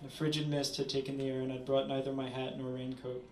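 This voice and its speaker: A man reading his own short story aloud at a literary event, measured with small stumbles. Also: medium pitch, level tone, a little mellow, a little hiss or hum. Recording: roomy, distant audience recording.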